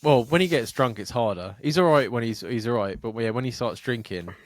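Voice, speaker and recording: A man's voice: mid-range voice, brisk. A man co-hosting a podcast, chatting casually in a mumbling, sweary way. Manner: mumbling, sweary, laughs along. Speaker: podcast co-host. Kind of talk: casual chat.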